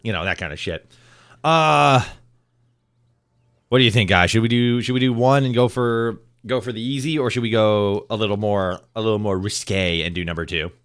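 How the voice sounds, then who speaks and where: A male game streamer talking casually to his chat. His voice sits a little low, and he rambles loosely with repeated words and the odd curse. The manner stays relaxed throughout. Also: normal speed, clear, resonant tone. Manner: relaxed, swears, repeats himself. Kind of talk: casual chat with viewers while gaming.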